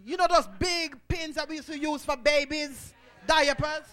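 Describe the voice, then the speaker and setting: A man preaching a sermon, swelling into shouted, rhythmic phrases punctuated by "uh" and calling on the congregation to respond. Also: very high-pitched, steady tone, normal speed.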